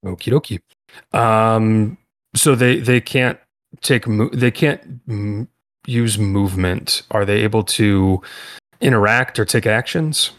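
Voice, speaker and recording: A man narrating as game master of a tabletop role-playing game, in loose, halting speech full of fillers. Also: on the low side, fairly bright tone.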